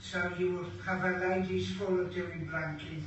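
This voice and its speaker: A man's voice: high voice, little pitch movement, a bit bright, muffled recording. Older male museum guide, very echoey. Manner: hesitant, halting explanations with "uh" and jokes. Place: museum indoors. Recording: very echoey room from far off, background noise.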